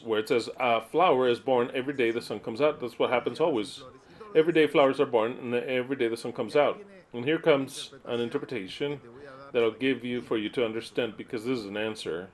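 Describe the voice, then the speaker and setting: A man preaching to his listeners in an earnest teaching style, repeating his points and reading aloud and explaining them. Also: medium pitch.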